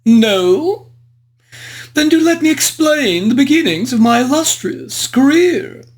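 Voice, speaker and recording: A performer voicing a frivolous, foppish English aristocrat gentleman, narrating a book review in character with flowery, old-fashioned, genteel diction. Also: high voice, lively intonation, takes it slowly.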